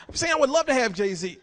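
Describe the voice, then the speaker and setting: Chatty stand-up guy with a really high voice, working a gala crowd on a stage mic. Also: a bit bright. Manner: casual, chatty, repeats words. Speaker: stand-up comedian. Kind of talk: live stand-up set. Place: gala banquet hall with an audience.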